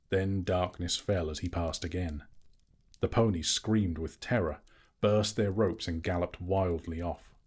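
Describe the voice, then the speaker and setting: A man narrating a fantasy story aloud in a slow, measured, dramatic reading. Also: low-pitched, darkish tone, husky. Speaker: audiobook narrator.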